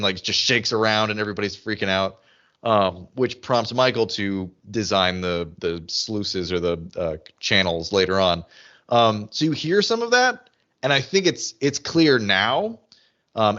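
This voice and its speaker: A man co-hosting a podcast in casual chat, animated and full of restarts as he talks. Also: fairly low pitch, lo-fi sound. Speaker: podcast co-host. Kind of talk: casual chat recapping a TV episode.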